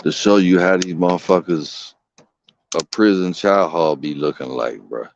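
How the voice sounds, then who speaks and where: A man's voice: low voice, normal speed, gravelly, slight background noise. A man streaming from home, telling a long, rambling story in casual, slangy, profane talk. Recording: dull, dry lo-fi stream audio.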